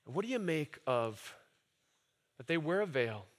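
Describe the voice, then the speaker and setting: A man preaching a sermon, animated, dropping to quiet musing and rising to shouted cries. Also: a little high, measured pace. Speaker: pastor.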